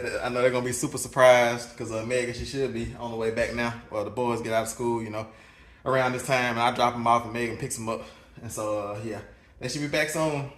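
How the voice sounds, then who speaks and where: Easygoing southern man vlogging at home. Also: medium pitch. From Mississippi, US. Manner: relaxed, chuckling, repeats words. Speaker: vlogger, father. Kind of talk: casual home vlog. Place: indoors at home, kitchen.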